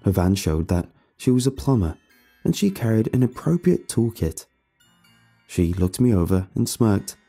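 A man narrating a scripted first-person horror story in a measured storytelling delivery. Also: fairly low pitch, sing-song, vocal fry, mellow, faint music behind.

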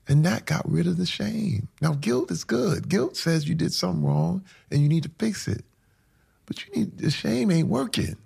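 Gravelly, husky man speaking earnestly. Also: mid-range voice, a little mellow. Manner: earnest, heartfelt storytelling. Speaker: interview guest. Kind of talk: candid interview conversation.

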